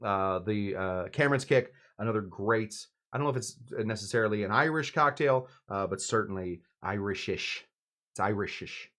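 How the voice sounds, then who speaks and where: A man's voice: on the low side, normal speed, fairly bright tone. Rambling, self-mocking male show host. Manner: rambling, self-mocking, with frequent fillers and restarts. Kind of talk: casual live-stream chat.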